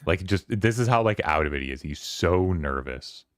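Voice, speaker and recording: Very deep-voiced man recapping a book. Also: lively intonation, dry recording, studio quality. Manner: rambling, filler-heavy, quoting characters in quick voices. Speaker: streamer hosting a book club. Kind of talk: casual chat recapping a novel.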